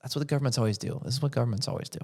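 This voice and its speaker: A podcast host with a mellow, medium-pitched voice races through an opinionated monologue. He keeps posing rhetorical questions and answering them himself.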